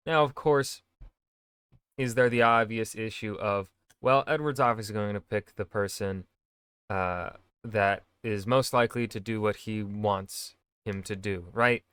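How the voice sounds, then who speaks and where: A man's voice: lowish voice, fairly bright tone, clear, resonant tone, dry recording. A man casually reacting to a history video, thinking aloud with jokes and fillers.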